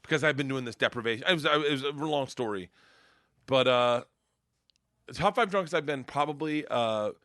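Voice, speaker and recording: A middle-aged male comedian telling wild road stories in casual chat, profane and rowdy, loudly acting out the people in them. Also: medium pitch, moderate pace, no room sound, clean studio sound. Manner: profane, rowdy storyteller who acts out voices loudly. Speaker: comedian guest.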